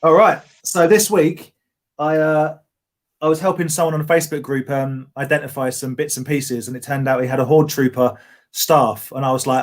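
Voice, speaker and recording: A man's voice: medium pitch, fairly even intonation, moderate pace. A man co-hosting a casual toy chat, joking and poking fun at himself. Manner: jokey, self-mocking.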